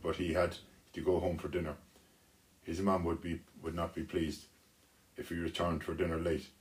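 A man telling a children's story aloud, unhurried, with small restarts. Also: low-pitched, darkish tone.

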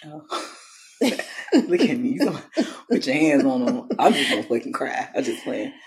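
A woman with a deep, low-pitched voice chats casually as a podcast co-host. She is expressive and laughs easily, and she often turns to speak straight to her listeners. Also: normal speed. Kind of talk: casual chat.

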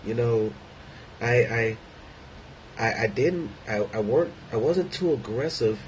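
A man voicing a soft-spoken man playing innocent, quiet and stammering. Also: medium pitch, animated, a little slow, a little hiss or hum, close to an everyday voice, poor audio. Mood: meek.

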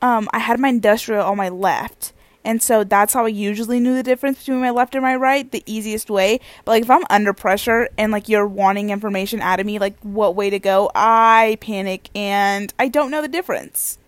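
A woman's voice: mid-range voice, steady tone, fairly quick, no echo. A young woman vlogging while lying on her bed, chatting casually in a rambling, self-deprecating, giggly way. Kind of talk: casual chat.

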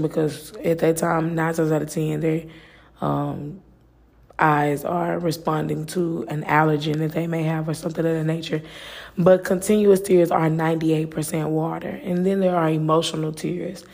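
A woman's voice: low-pitched, flat delivery, moderate pace, creaky, a little mellow. A woman hosting a faith-based podcast, talking earnestly and personally, with many fillers. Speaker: podcast host.

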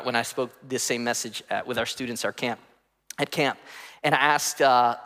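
A man preaching a sermon as pastor, swinging between impassioned emphatic peaks and soft drops, with casual storytelling asides and fillers to his congregation. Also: mid-range voice, long reverb tail.

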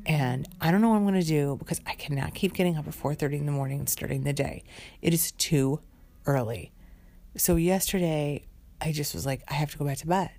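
A woman's voice: low-pitched, fairly quick, warm tone. A woman ranting casually with an exasperated, profane, rambling manner, overtired and worn out.

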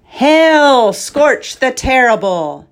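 A woman voicing a calm young male knight with a dry wit in a storybook, speaking firmly and evenly. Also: medium pitch, slow pace.

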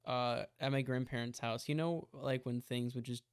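A man's voice: medium pitch, fairly even intonation, normal speed, clear, resonant tone. A young man chatting casually in a laid-back, jokey way. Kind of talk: casual chat.

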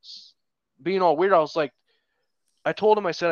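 A man's voice: high voice, moderate pace, long pauses, no room sound, dull audio. A man on a podcast telling a long story in a casual, rambling way with lots of swearing. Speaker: podcast co-host.

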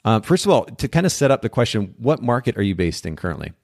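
A man's voice: lowish voice, sing-song, quick pace, a little mellow, no echo, studio quality. A middle-aged man hosting a podcast interview in a chatty, upbeat way, often restarting his phrases. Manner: upbeat, chatty, self-correcting. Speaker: podcast host.

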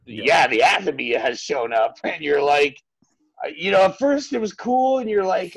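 A man's voice: fairly high pitch, very animated, normal speed, no echo, dull audio. A man in casual chat, telling a laid-back story with plenty of swearing.

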